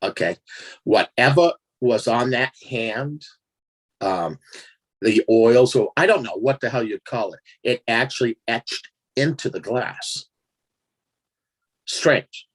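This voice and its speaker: A man telling a strange personal story in a casual interview, animated and laughing as he acts out his own reactions. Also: mid-range voice, takes it slowly, long pauses. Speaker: guest storyteller.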